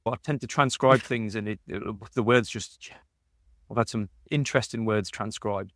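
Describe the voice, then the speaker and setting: A man's voice: mid-range voice, a little fast, fairly bright tone, no echo, clean studio sound. A man hosting a podcast, chatting casually and rambling with restarts. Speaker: podcast host.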